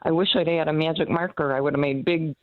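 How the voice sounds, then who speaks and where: A woman's voice: sits low, steady tone, fast talker, no room sound. An older woman calling in to a radio show, chatty and indignant. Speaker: radio caller. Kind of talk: phone-in call. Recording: tinny phone line.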